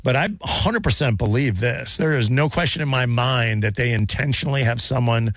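A man co-hosting a morning radio show, bantering in a jokey, animated way. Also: medium pitch, moderate pace, dry recording. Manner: animated, jokey, talks over others.

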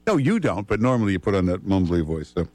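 A man's voice: low voice, fast, dry recording, faint music behind. A man hosting talk radio, chatting casually and reading ads live with frequent "uh" fillers. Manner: relaxed, conversational, frequent "uh" fillers. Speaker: radio talk host filling in. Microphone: studio broadcast mic.

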